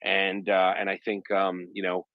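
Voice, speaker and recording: A man's voice: deep voice, completely flat delivery, moderate pace, dry recording, narrow, tinny audio. A man hosting a live audio chat room, talking in a rambling way with many fillers and restarts. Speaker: host of a live audio space.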